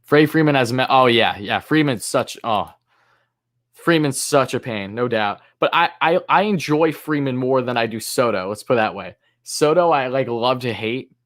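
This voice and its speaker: A man's voice: mid-range voice, lively intonation, normal speed, fairly bright tone. A man hosting a live fan stream, calling plays in an announcer-like way between casual, hesitant answers to chat. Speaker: livestream host and fan commentator.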